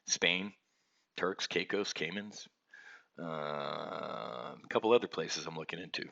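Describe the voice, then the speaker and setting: A man's voice: deep voice, slow pace, creaky, sharp tone, lo-fi sound. A man hosting a trading show, ranting angrily with many restarts and stammers, from his home office. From United States. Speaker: options trading show host. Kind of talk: ranting market commentary.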